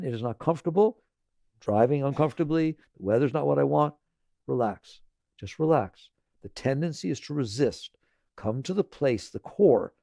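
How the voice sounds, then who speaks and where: A man with a gravelly, mid-pitched voice gives a spiritual talk, recorded dry and close. He speaks conversationally, repeats phrases slowly and keeps asking "right?". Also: a little mellow, dry recording. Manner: conversational, tags lines with "right?". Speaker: spiritual teacher.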